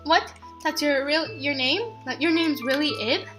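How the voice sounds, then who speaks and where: A woman's voice: high voice, steady tone, measured pace, over music. A young woman voicing a polite young man who is confused by a girl he does not remember. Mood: puzzled. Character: gentle, puzzled young man, Garry.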